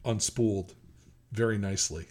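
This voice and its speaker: A man's voice: fairly low pitch, fairly even intonation, moderate pace, a little mellow. A middle-aged man co-hosting a podcast, talking casually about a TV episode, hesitant, restarting often and chuckling. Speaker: podcast co-host. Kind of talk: casual chat.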